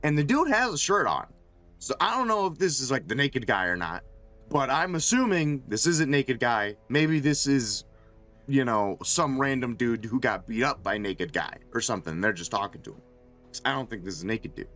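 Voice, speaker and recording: A man's voice: medium pitch, big pitch swings, moderate pace, fairly bright tone, faint music behind. A male streamer telling a casual, rambling story full of swearing and fillers. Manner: rambling, profane, lots of fillers.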